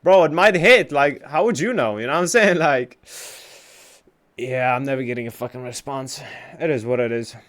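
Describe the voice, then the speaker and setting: A man's voice: mid-range voice, moderate pace, fairly bright tone. A young man streaming games live, chatting casually and trash-talking with lots of swearing. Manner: profane, trash-talking banter.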